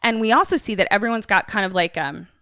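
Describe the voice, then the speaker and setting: A young woman podcast co-host recapping a movie in casual, animated, profane storytelling. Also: medium pitch, fast talker, dry recording, studio quality.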